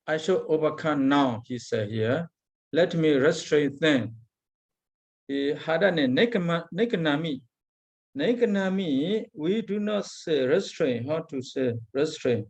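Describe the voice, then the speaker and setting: Burmese monk lecturer, male, slightly high-pitched, halting non-native English, recites Pali then explains. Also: expressive. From Myanmar. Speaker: Buddhist monk teacher. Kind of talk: Abhidhamma lecture.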